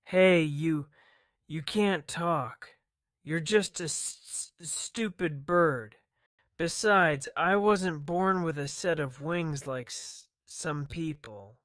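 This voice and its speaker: A man's voice: medium pitch, expressive, drawn-out words, pauses often, dry recording, studio quality, pitched above the performer's own voice. A man voicing a dazed, muddled young boy who slurs and stammers in an audiobook story. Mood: groggy. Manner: slurred, stammering.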